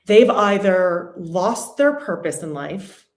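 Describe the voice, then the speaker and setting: In a slow, lowish voice, a woman in her forties opens up on a podcast about a painful part of her life. She speaks candidly and holds steady even through difficult memories, with a roomy echo around her.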